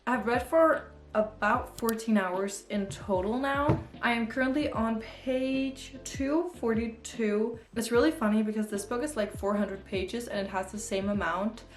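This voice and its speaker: A woman's voice: a little high, unhurried, few pauses, faint music behind. Chatty young woman vlogging. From Denmark. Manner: chatty, rambling with many likes and restarts. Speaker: book vlogger. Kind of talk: casual vlog chat.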